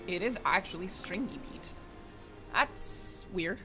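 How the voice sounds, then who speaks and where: A woman's voice: fairly low pitch, expressive, measured pace, over music. Wry woman streaming a game. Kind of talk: casual gameplay commentary.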